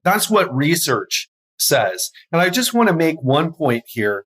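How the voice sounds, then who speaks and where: A man's voice: a little high, sing-song, unhurried, fairly bright tone, slightly rough. A man hosting a health podcast as a coach, talking energetically and stumbling over his words now and then. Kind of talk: solo podcast monologue.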